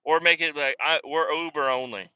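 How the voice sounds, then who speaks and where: A man hosting a podcast, ranting casually with lots of swearing and sudden shouted outbursts. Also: fairly high pitch, steady tone, normal speed, clean tone, dry recording, highs cut off. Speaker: podcast host.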